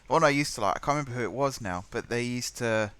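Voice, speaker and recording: A man's voice: medium pitch, quick pace, a bit bright, clear, resonant tone, no room sound. A man streaming live, muttering and thinking aloud as he plays, and easily exasperated. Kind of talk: live gameplay commentary.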